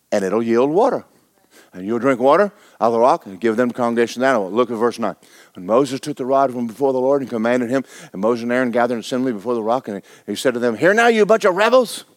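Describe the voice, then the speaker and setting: A man preaching a sermon to his congregation. He reads and acts out scripture, fires questions at the crowd, and swings between low asides and loud exclamations. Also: fast talker. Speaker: pastor.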